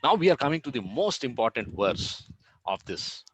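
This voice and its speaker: Lively-voiced man teaching scripture. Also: medium pitch, moderate pace, slight background noise, low-quality recording. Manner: explanatory, asks questions then answers, uses Sanskrit terms. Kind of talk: devotional lesson with storytelling.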